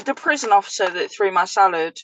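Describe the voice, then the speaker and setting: A woman's voice: mid-range voice, lively intonation, a little fast, no echo, poor audio. Blunt English woman telling a story, dry sound. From England. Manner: blunt, swears freely, vivid. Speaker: guest, former prisoner. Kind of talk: casual storytelling chat.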